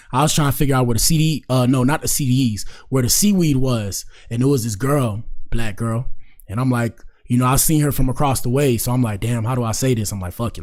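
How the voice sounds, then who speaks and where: A man's voice: mid-range voice, darkish tone. An American man hosting his show, riffing in casual, slangy, rambling commentary with chuckling asides. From United States. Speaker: show host.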